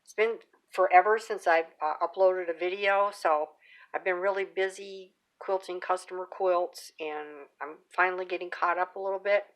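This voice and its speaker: A woman's voice: fairly low pitch, steady tone, normal speed. A middle-aged woman hosting her own craft channel, chatting casually with plenty of fillers and restarts as she shows off her handmade work. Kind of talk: casual show-and-tell.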